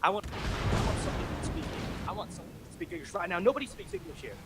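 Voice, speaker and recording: A man's voice: sits high, sing-song, quick pace, heavy background noise, pitched above the performer's own voice. A man putting on a furious woman caller who demands someone who speaks English, shrieking and insistent.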